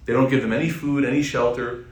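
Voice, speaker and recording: A man preaching, retelling a scripture story in a lively, conversational way to his audience. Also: mid-range voice, fast. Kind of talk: sermon storytelling. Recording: echoey room, distant mic.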